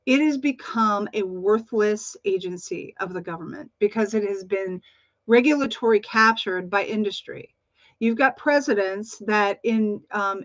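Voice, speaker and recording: A woman's voice: medium pitch, dry recording. Passionate woman, dull lo-fi audio. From United States. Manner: passionate, rambling, with frequent restarts and fillers. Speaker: channel host. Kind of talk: opinionated monologue to camera. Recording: dull lo-fi recording.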